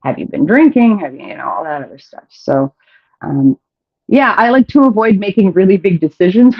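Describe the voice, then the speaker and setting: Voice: medium pitch, breathy edge. A show host telling a candid story in a casual chat, often laughing mid-sentence and restarting phrases. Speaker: host of a sex advice show. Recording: dull, muffled audio.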